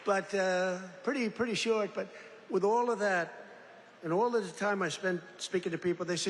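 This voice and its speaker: A man's voice: sits high, steady tone, normal speed, vocal fry. Older man rambling at a rally. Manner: rambling, boastful, mocking asides. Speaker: politician at a campaign rally. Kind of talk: off-the-cuff rally speech. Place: large rally venue. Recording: reverberant rally hall, faint background noise.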